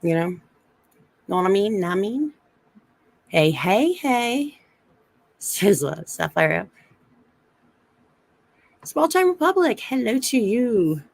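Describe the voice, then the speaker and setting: A medium-pitched, creaky female voice, very animated yet slow, with frequent pauses. She's co-hosting a casual phone live stream from a rented Airbnb room, giggling, chatting with chat readers and laughing with viewers. She speaks with a slight lisp.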